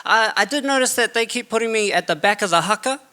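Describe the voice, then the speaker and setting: A man's voice: high-pitched, fast talker, bright, forceful tone. A young man with a New Zealand accent performing a stand-up comedy set on a theatre stage, chatty and self-mocking. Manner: chatty, self-mocking, frequent filler "okay" and "you know". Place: large theatre stage with audience. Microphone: stage microphone.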